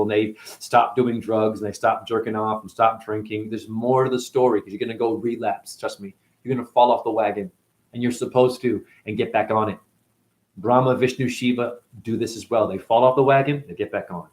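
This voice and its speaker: A man hosting a casual livestream, reading viewer comments aloud and rambling in loose, slangy talk. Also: mid-range voice.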